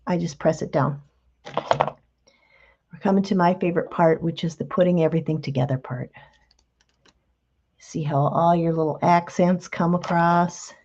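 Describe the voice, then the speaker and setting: Gravelly low-voiced woman demonstrating crafts. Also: fairly even intonation, unhurried, long pauses, darkish tone, highs cut off. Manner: chatty, patient, talks while working with hands. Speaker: craft tutorial host. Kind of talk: relaxed step-by-step craft demonstration.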